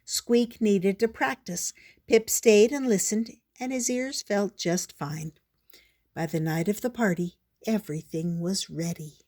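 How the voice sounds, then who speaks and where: An older woman reading a children's picture book aloud in a gentle, measured storybook manner. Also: medium pitch.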